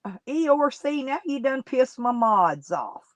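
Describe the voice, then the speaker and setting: A woman's voice: high voice, very animated, slow, no room sound, poor audio. A woman streaming live, chatting casually with her viewers and gossiping about people in her chat in folksy, colloquial talk.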